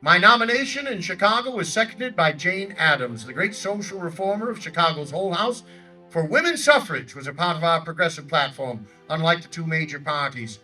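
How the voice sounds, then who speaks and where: A man's voice: sharp tone, far from the mic, full character voice, low-quality recording. A man playing an older Theodore Roosevelt, giving a declamatory outdoor stump speech in character in a park by a lake. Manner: booming, declamatory oratory. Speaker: historical reenactor.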